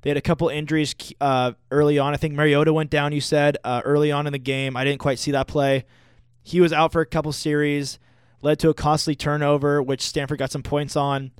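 A young man co-hosting a live sports radio show, talking like an excitable fan with big opinions. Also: fairly high pitch, fairly quick, smooth, dry recording, studio quality. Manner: excitable, gloating fan talk. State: out of breath. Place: radio studio.

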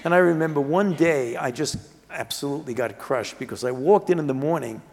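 Older man with a gravelly voice, echoing in a hall. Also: on the high side. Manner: measured, earnest, with frequent restarts. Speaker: physician and author interviewed on stage. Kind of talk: reflective storytelling in an interview. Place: stage before a live audience. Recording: reverberant hall.

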